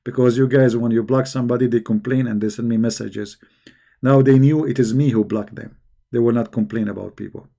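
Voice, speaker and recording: A man hosting a call-in debate show, talking in a sarcastic, teasing way with many halting fillers. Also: mid-range voice, steady tone, gravelly, dark tone. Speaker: host.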